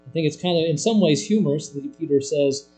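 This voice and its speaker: A man preaching a sermon, swinging between hushed, low lines and loud, emphatic ones. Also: a little fast, faint music behind, rough recording.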